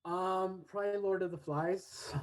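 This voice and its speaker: A man's voice: sits high, steady tone, measured pace, poor audio. A man, a podcast guest who talks cheerfully and laughs often. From Southern California. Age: late 40s. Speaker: guest, English teacher. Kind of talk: casual podcast interview.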